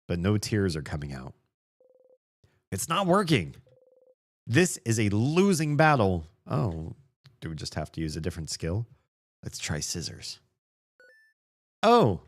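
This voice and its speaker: A man with a low voice plays through a game on a let's play, reading its lines aloud and chatting between them. His pitch swings widely and his pace stays slow and unhurried. He jokes and laughs often and trails into soft mumbled asides.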